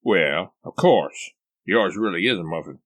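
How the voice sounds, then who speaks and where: A man's voice: deep voice, expressive, measured pace, fairly bright tone, no room sound, full character voice. A man voicing a paranoid, grandiose eccentric husband who talks in a pompous, grandiloquent way. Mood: conspiratorial.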